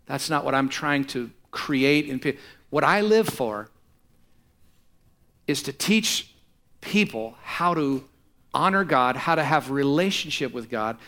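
A man's voice: medium pitch, expressive, slow pace, pauses often, a bit bright. A male pastor preaching a sermon in an emphatic style, with repeated rhetorical phrases.

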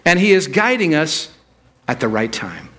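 A male pastor preaching a sermon at a church service, swinging between loud emphatic peaks and quiet low asides. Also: very animated, moderate pace.

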